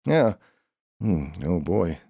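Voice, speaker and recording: Deep-voiced man with a gravelly, mellow tone, grumbling comic narration full of sighs. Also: big pitch swings, takes it slowly, no echo, studio quality. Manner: grumbling, sighing, talks to himself in two alternating voices. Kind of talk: improvised comic narration of a story.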